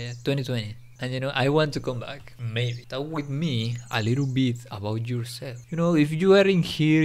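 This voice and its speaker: A man's voice: medium pitch, darkish tone. Rambling young man, non-native English. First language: Spanish. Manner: rambling, repeats fillers like "you know" and "don't worry". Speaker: YouTuber. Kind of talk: casual monologue.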